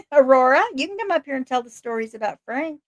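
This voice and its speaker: High-voiced excitable woman host. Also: fairly quick, dry recording, studio quality. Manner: excitable, laughs often, rambling. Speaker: livestream host. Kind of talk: casual live-stream chat.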